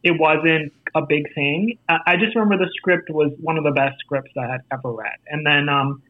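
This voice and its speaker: A man with an American accent tells career stories in a relaxed interview. His voice sits fairly high, and he livens up his anecdotes by acting out the voices of people he quotes. The sound is thin and tinny, like a phone call. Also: moderate pace, no room sound. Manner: animated storyteller, acts out quoted voices. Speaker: actor and festival jury guest. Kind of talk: casual interview conversation.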